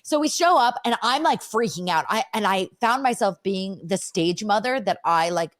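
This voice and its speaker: A woman's voice: mid-range voice, moderate pace, no echo, clean studio sound. A woman hosting a podcast, telling a story with lots of "like" fillers and acting out the voices of the people in it. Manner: lively, acts out quoted voices, many "like" fillers. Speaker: podcast host. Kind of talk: animated storytelling in casual chat.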